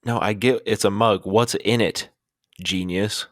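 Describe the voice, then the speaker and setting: A man's voice: on the low side, steady tone, unhurried, fairly bright tone, no room sound, clean studio sound. A man hosting a comedy podcast, bantering playfully with his co-host. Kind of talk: casual comedic chat.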